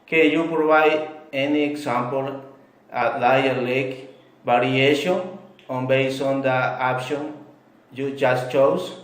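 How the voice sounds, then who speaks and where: A man's voice: medium pitch, fairly even intonation, slow. Echoey young man asking questions. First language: Spanish. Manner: careful, slightly broken English. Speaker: student interviewer. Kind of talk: reading interview questions. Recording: echoey room.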